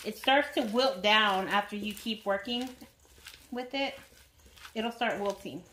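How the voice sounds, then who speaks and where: Woman home-cooking vlogger, casual and talkative, bright, slight background hiss. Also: mid-range voice, unhurried. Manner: chatty, talks straight to viewers. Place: home kitchen.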